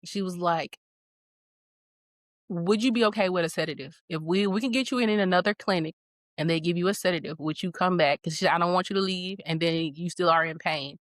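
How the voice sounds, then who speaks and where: A woman's voice: on the low side, fairly quick, dry recording. A woman guest on a podcast, telling a story in a casual way and acting out the voices of the people she quotes. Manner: animated, acts out quoted voices.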